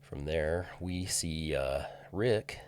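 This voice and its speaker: A man's voice: extremely low pitch, extremely slow, darkish tone. A man casually walking through filming locations on screen, hesitant with many fillers and restarts. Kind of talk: casual screen-share walkthrough.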